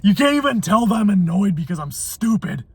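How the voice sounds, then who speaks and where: A man's voice: sits high, very animated, brisk, a little mellow, breathy edge, no room sound. A man vlogging from his car in a waiting line, grumbling and swearing in irritated rants. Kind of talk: ranting car vlog.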